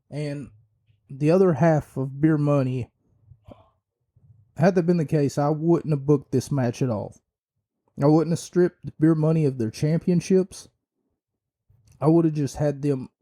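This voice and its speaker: A man's voice: a little high, mellow. A man hosting a podcast, giving an opinionated, rambling wrestling review with many fillers and restarts. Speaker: podcast host.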